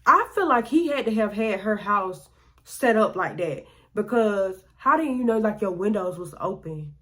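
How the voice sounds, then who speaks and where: A woman's voice: medium pitch, animated, normal speed, a bit bright. Rambling, profane woman telling a story. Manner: rambling, profane, filler-heavy. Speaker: storytime vlogger. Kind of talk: casual storytelling.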